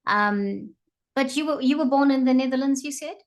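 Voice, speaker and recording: A woman's voice: high-pitched, moderate pace. A woman host from South Africa with a South African accent, chatting casually with a guest, laughing often and restarting her sentences. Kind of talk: casual conversational interview.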